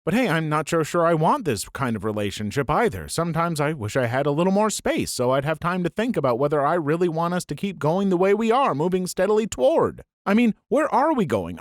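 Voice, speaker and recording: A man's voice: high voice, no room sound, clean studio sound. A man voicing an anxious, overthinking young woman who fretfully questions her relationship. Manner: fretful, rising questions, tearful pleading.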